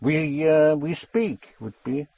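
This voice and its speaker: Patient teacher guy going over spanish verbs, talks slow, dry sound. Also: fairly high pitch, gravelly, mellow, slightly rough, no room sound. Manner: patient, repeats answers back slowly. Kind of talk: language lesson.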